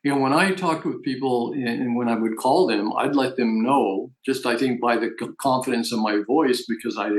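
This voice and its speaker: A man's voice: medium pitch, normal speed, few pauses, reverberant, poor audio. A man giving a persuasive, emphatic business opportunity presentation as a network marketing presenter. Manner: persuasive, emphatic sales talk.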